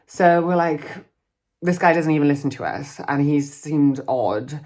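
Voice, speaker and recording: A man's voice: on the high side, measured pace, darkish tone. A young man, a drag queen vlogger, telling a storytime tale in a chatty way with lots of fillers and acted-out quotes. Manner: chatty, filler-heavy, acts out quoted lines. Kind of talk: storytime vlog.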